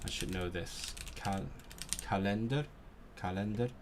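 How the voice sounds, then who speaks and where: Man, low voice, very slow and unhurried; a language learner muttering through word drills on a casual study stream. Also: noisy background. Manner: repeats words slowly, muttering to himself as he drills vocabulary; self-talk with restarts, low-key. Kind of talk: study stream, thinking aloud.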